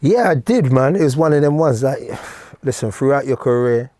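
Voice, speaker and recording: A man's voice: medium pitch, normal speed, no room sound, clean studio sound. A middle-aged man with a London accent, telling stories casually as a guest in an interview, full of slang. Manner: relaxed storytelling with slang and laughs. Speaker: guest actor.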